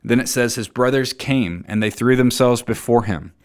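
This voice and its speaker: A man preaching a sermon, earnest and emphatic, reading scripture aloud and dropping low and soft to land his key points. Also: normal speed. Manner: reads scripture aloud and acts out quoted voices.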